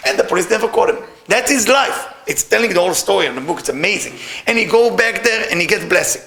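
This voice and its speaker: A man's voice: sits high, lively intonation, quick pace, vocal fry, few pauses, sharp tone, slight background noise. A man teaching a Kabbalah class, telling a story animatedly in broken English. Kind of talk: storytelling lesson.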